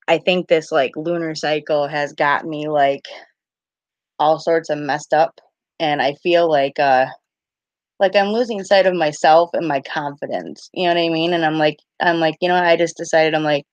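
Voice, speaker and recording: A woman's voice: low-pitched, no room sound, muffled recording. A woman in her thirties chatting casually on a live stream, rambling and peppering her talk with "like" and "I was like", greeting viewers by name. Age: 30s. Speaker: live-stream card reader. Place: home at night.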